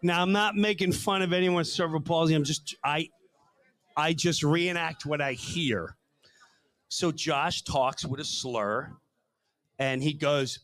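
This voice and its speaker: A middle-aged man hosting a live podcast show, telling comic stories with lots of laughing and quick impressions. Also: fairly high pitch. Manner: animated, laughing, slips into voices of other people. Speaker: podcast host. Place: live show in front of an audience.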